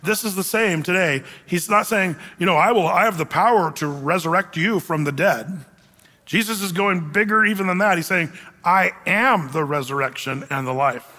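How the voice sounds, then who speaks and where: Man preaching, high voice, bright tone, emphatic folksy delivery, long reverb. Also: normal speed. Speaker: pastor. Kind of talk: sermon.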